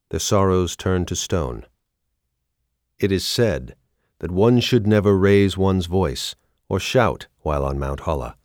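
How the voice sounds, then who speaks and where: A man reading a scripted documentary narration in a solemn, measured way. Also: deep voice, darkish tone, dry recording, clean studio sound.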